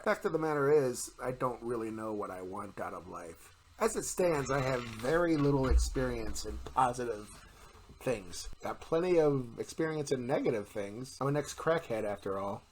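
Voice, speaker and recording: A man's voice: mid-range voice, sing-song, normal speed, slight background noise. A man hosting his own vlog in a chatty, blunt and self-deprecating way, telling a joke and then talking straight to his viewers. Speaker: vlogger, channel host. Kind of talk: casual vlog with a told joke.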